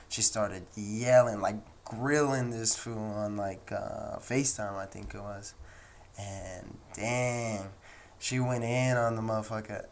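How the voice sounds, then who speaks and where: A man's voice: lowish voice, slight background noise. Rambling young American man podcaster. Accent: American English. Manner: loose and rambling, acts out quoted people in raised voices. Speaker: podcast host. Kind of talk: casual solo podcast storytelling.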